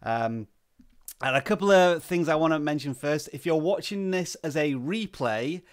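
A man hosting a live stream, greeting viewers by name and talking at a slow, relaxed, deliberate pace with plenty of "uh" fillers, into a desk microphone. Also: on the high side. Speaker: livestream host. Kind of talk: live-stream chat, reading out viewer names.

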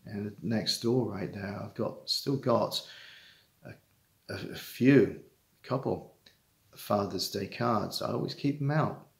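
Middle-aged man, earnest and halting, heartfelt monologue, echoey room. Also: fairly low pitch, vocal fry. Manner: earnest, halting, with many restarts and repetitions. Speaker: father giving advice to estranged dads. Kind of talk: heartfelt personal monologue to camera.

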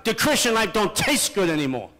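A man's voice: high voice, very animated, brisk, pushed and bright, in a large hall. An older man preaching at a seminar, firing off repeated rhetorical questions in short, punchy phrases.

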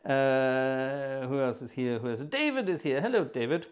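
A man's voice: mid-range voice, moderate pace, smooth, dull audio. A man hosting a livestreamed organ concert, greeting viewers by name in a chatty, joking way and mocking himself. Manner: chatty, jokey, self-mocking asides. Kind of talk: casual chat greeting viewers.

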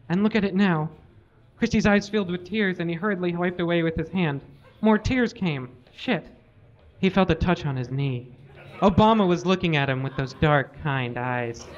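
High-voiced man reading a comic story live. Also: highs cut off. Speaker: reader. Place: live show venue.

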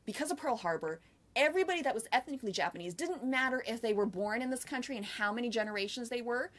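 A woman's voice: a little high, animated, fast talker. An American woman co-hosting a podcast, talking earnestly in casual conversation and often asking "right?". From United States. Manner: earnest, talkative, explains with many "like" and "right?". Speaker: podcast co-host.

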